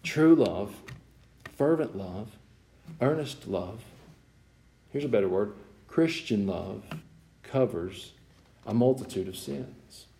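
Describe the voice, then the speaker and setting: Preacher, man, sinus-strained squeaky creaky voice, folksy asides, rising to loud emphatic peaks. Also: lively intonation, slow, pauses often, a little hiss or hum. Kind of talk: sermon.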